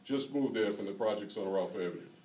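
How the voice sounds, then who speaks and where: A man's voice: on the low side, brisk, mellow, a little hiss or hum, lightly acted. A man reading aloud, voicing a wisecracking, foul-mouthed fifteen-year-old city boy in a roomy hall recorded from a distance. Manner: mocking, crude, smart-mouthed. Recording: roomy hall, taken from far off.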